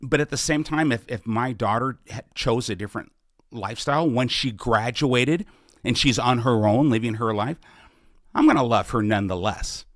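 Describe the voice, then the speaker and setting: An earnest middle-aged man hosts a live question-and-answer session, his sentences halting and full of restarts. His voice sits at an ordinary middle pitch. The sound is dry and close, with no room echo. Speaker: podcast host and political candidate. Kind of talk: live Q&A, casual campaign talk.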